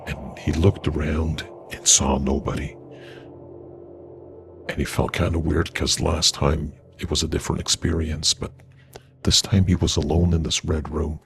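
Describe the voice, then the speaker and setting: A man narrating a paranormal story in a slow, measured way. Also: very deep voice, flat delivery, gravelly, slight background noise.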